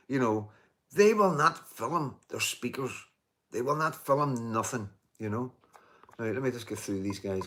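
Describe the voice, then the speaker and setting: A man's voice: mid-range voice, fairly bright tone. Emphatic middle-aged man on a live stream. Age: 50s. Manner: emphatic, repeats himself, many restarts and "you know"; swears and jokes with commenters. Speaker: livestream host reading viewer comments. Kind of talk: casual live-stream chat.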